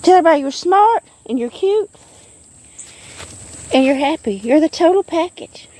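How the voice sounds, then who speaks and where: A woman vlogging on a walk in the woods, cooing at her kitten and getting excited about what she finds. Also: extremely high pitch, normal speed. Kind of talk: casual nature vlog. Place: outdoors in the woods.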